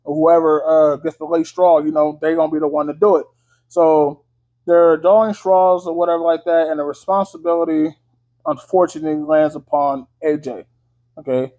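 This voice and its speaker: Male vlogger, higher pitch, casual profane movie recap, filler-heavy, muffled lo-fi sound. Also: fairly even intonation, moderate pace, warm tone. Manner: loose, slangy, full of fillers and swearing. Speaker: movie reviewer. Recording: dull lo-fi audio.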